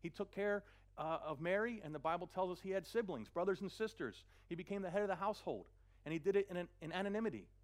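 Man preaching, fairly high voice, earnest, repeats words, slows down to quote scripture. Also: lively intonation. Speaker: pastor. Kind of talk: sermon.

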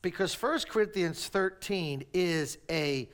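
A man preaching a sermon, swinging between raised emphatic lines and quiet low asides. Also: expressive, takes it slowly, clean tone. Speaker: pastor.

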